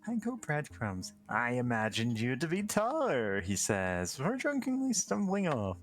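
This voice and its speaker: Woman on a stream, reads events out loud, voice goes up and down a lot, soft music. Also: a bass voice, unhurried. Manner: lively, laughs, slips on words while reading. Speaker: co-streamer reading game text. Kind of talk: casual chat and reading game events aloud.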